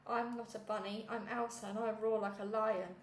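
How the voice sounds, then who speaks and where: A woman reading a children's book aloud, telling the story in a lively way with small slips and self-corrections. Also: mid-range voice, moderate pace, reverberant, a little hiss or hum. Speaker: audiobook reader.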